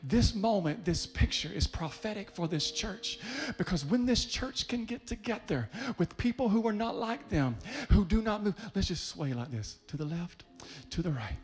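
A man preaches with rising fervor, his voice sitting a little higher than most. He calls out to the congregation in rhythmic bursts that swell into loud climaxes, with soft music faintly underneath. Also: expressive, normal speed, few pauses. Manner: leads the congregation, calling people up by name. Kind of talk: sermon.

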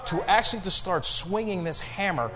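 Male preacher, fairly high, lively voice, call-and-response sermon, echoey church hall. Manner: preaching with rising emphasis and call-and-response pauses. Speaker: pastor. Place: church sanctuary.

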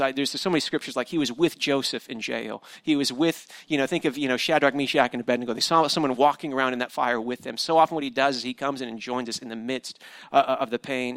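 A man's voice: a little high, fairly bright tone, clean tone, no room sound. A man preaching a sermon as pastor, earnest and coaching, often restarting with repeated words. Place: church sanctuary.

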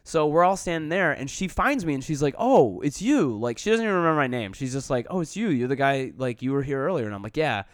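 A man's voice: on the high side, very animated, quick pace, few pauses, no room sound, studio quality. A man casually telling a long story on a podcast, full of fillers, acting out what people said. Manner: rambling, many "like" fillers, acts out quotes. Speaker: podcast host.

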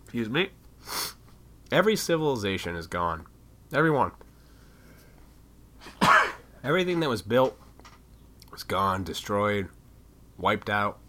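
Profane, lively low-voiced man ranting. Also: measured pace, long pauses. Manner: profane, preachy and blunt. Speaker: solo podcast host. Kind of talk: ranting monologue into a microphone. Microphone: studio microphone.

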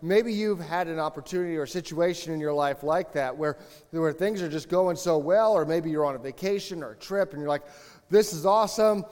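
A man's voice: on the high side, brisk. Man preaching in a reverberant church. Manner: chatty, relaxed, frequent self-corrections and asides. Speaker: pastor. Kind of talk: conversational sermon.

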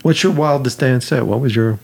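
A man with a husky, slightly breathy voice tells a story from a film shoot in a relaxed conversation. He swears freely and acts out the lines of the people in it, his pitch sitting around the middle. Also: a little fast. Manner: animated, profane, acts out dialogue. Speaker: film director.

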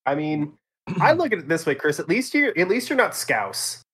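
A man's voice: a little high, sing-song, moderate pace, fairly bright tone, slightly rough. A Texan man hosting a gaming podcast, joking in a wry, drawling casual chat. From Texas.

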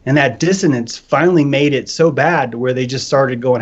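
A man in casual podcast talk, animated and profane, who slips into voices to make his points. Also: medium pitch, a little fast, few pauses. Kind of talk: casual chat. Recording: dull lo-fi sound.

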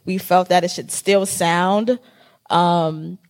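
A woman's voice: fairly low pitch, fairly even intonation, slow. A woman podcast host talking candidly and emphatically in a casual panel discussion, swearing freely.

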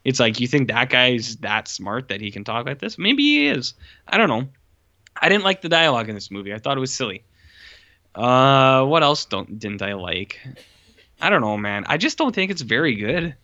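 A man's voice: medium pitch, sing-song, moderate pace, sharp tone. A man chatting casually on a podcast, rambling with constant "like"s and blunt, cursing opinions. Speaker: podcast co-host reviewing a movie. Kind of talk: casual chat. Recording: dull lo-fi sound.

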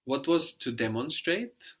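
A man leads a language lesson, patient and methodical. His voice sits at an ordinary middle pitch, and he keeps checking in with a quick "no?" as he walks through each example. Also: sing-song, a bit bright. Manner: patient, explains step by step, ends points with "no?". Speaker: language teacher.

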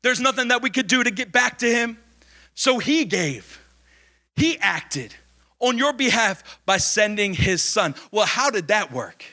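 A man's voice: high voice, animated, measured pace, bright, forceful tone. A man preaching a sermon, emphatic, asking questions and answering them himself, stretching key words.

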